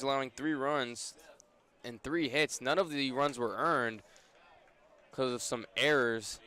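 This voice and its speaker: Smooth-voiced young man calling baseball. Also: medium pitch, a bit bright. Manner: brisk play-by-play that rises on big plays. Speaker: play-by-play announcer. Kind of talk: radio baseball commentary.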